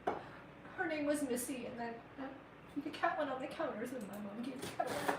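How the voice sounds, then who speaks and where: A woman's voice: sits high, fairly quick, far from the mic, heavy background noise. A woman who works as a criminal defense lawyer, chatting casually and teasingly with viewers while she cooks on a livestream. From United States. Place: home kitchen. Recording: roomy kitchen audio, speaker off-mic.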